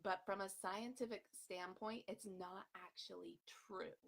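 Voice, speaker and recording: A bubbly woman coaching viewers in a casual live video, chatty and upbeat with plenty of fillers. Her voice sits at an ordinary middle pitch. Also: fairly even intonation, measured pace, gravelly. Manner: bubbly, chatty, laughs often, many fillers. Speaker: health coach.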